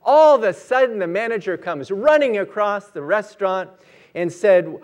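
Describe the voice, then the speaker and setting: A man's voice: high voice, animated, normal speed, dull audio. A pastor, a man, leading a prayer and telling an illustrative story in an earnest sermon.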